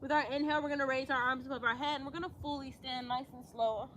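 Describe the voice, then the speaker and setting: A young woman leading a casual yoga class outdoors, chatty and talking herself up out loud as she tries a backbend. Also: high-pitched, fairly even intonation, fast, a little hiss or hum. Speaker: yoga instructor.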